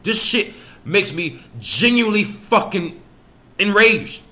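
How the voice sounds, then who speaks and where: A man's voice: high-pitched, very animated, takes it slowly, sharp tone. Fired-up, profane male podcast host. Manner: angry, profane, stammering. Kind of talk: reaction commentary.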